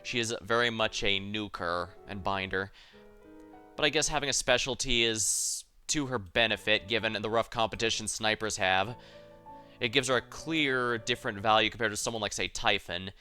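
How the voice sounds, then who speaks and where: A man's voice: fairly low pitch, normal speed, sharp tone, soft background music. A man streaming a game, chatting casually in a rambling, self-correcting way full of asides. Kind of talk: casual gameplay commentary.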